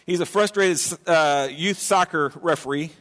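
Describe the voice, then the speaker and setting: Conversational preacher with a fairly high voice. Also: male voice, a little slow. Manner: conversational and animated, many restarts. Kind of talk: sermon. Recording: long reverb of a large hall.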